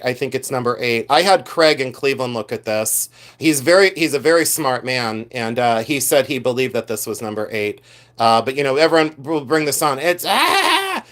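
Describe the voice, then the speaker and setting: A middle-aged man hosting a live reseller stream, chatting animatedly and reading viewer comments aloud as he shows his finds. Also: medium pitch. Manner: mimics shouting collectors for laughs. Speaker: reseller host. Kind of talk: live-stream show-and-tell chat.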